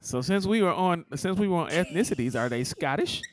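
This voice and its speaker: A man co-hosting a podcast in casual chat, teasing the others and jumping high in pitch when he laughs. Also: expressive, brisk. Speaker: podcast co-host. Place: somewhere warm, at home.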